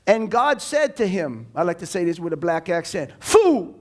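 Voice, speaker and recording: A man preaching a sermon in church as the pastor, animated and emphatic, now and then rising into loud bursts. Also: high-pitched, moderate pace.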